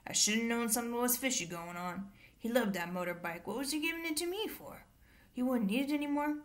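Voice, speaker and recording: A rough, growling giant of a man with a blunt, gruff way of talking, put on by a woman reading a storybook aloud. His voice jumps high and excited when he gets worked up. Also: a little fast, natural voice. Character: gruff big male half-giant gamekeeper.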